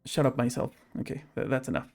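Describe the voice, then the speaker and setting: A fast-talking man with a medium-pitched voice live-streams a game, giving casual commentary. He chats loosely and jokingly haggles with the on-screen characters.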